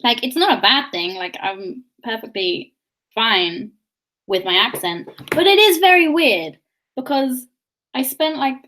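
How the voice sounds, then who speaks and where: A woman with a fairly posh southern English accent and a faint London edge hosts a relaxed livestream as she does her makeup. She sits a little higher than most women's voices. She laughs often and wanders off into tangents. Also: unhurried, a little hiss or hum. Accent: fairly posh southern English with a slight London undertone. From England, London. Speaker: livestream host. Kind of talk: casual livestream chat while doing makeup.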